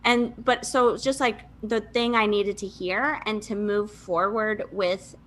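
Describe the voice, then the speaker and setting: A woman's voice: mid-range voice, fairly even intonation, unhurried, fairly bright tone. A woman in her thirties from Michigan, a podcast guest telling her life story in a chatty way, laughing often and saying "like" a lot. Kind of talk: casual interview storytelling.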